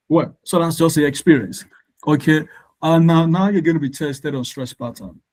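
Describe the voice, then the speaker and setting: A man's voice: on the high side, darkish tone, poor audio. Man teaching English online. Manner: explains slowly, repeats words for emphasis. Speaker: English tutor. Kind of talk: live online lesson.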